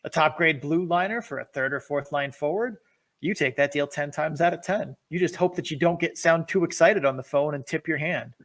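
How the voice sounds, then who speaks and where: A man's voice: on the high side, fairly quick, a bit bright. A man co-hosting a hockey podcast, reading prepared analysis with eager enthusiasm and laughing at his own jokes. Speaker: podcast co-host.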